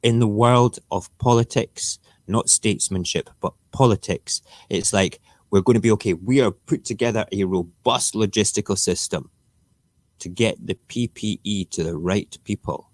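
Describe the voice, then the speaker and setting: A man's voice: lowish voice, normal speed, darkish tone, dry recording. A man who hosts a casual morning live stream, ranting emphatically and sarcastically. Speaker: live-stream show host.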